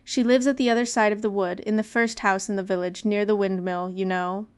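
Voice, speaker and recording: Innocent, polite little girl for a fairy tale reading, read by a woman; clear and smooth. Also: mid-range voice, fairly even intonation, fairly quick, close to an everyday voice. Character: cheerful trusting little girl.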